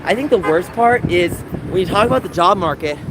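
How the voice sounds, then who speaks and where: A man's voice: sits high, lively intonation, fairly quick, background noise. A man livestreaming, chatting casually with his viewers and venting in a rambling, aggrieved way. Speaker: gaming livestreamer. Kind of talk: casual livestream chat reading live chat. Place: San Francisco.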